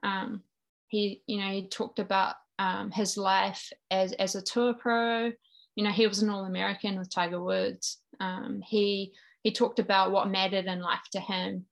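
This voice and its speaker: A woman's voice: mid-range voice, level tone, measured pace, creaky. Earnest New Zealand woman telling her story. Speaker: guest. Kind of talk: personal faith testimony in conversation.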